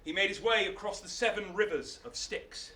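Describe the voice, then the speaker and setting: A man telling a myth on stage in a playful, animated live storytelling style. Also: high-pitched, normal speed, distant mic. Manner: animated, playful, laughing asides. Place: arts centre stage, live show. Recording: roomy hall, mic from afar.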